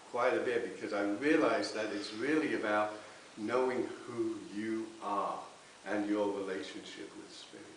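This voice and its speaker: A reverend giving an earnest spiritualist sermon with personal testimony, often checking in with the congregation. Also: male voice, on the low side, a bit bright. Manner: earnest, tag questions with okay. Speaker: reverend speaking at a spiritualist church. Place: church hall. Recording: very echoey hall, distant mic, faint hiss.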